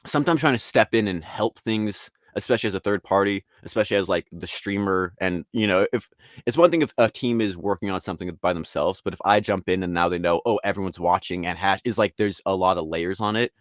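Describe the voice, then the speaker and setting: Lively, low-voiced man chatting. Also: quick pace, dry recording, clean studio sound. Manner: rambling, animated, acts out quotes in voices. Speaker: guest artist and league founder. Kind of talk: casual conversational interview.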